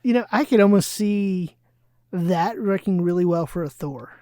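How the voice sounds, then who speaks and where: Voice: mid-range voice, normal speed, mellow, dry recording, clean studio sound. Easygoing podcast co-host, mid voice. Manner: brief, agreeable replies. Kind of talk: casual podcast chat.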